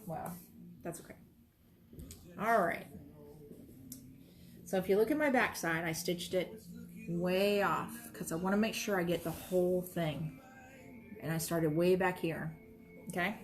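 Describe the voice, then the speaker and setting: A woman's voice: fairly low pitch, unhurried, long pauses, soft background music. A woman teaching quilting in a casual demonstration, chatty and reassuring as she talks while she works at her sewing station. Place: sewing room, moving between workstations.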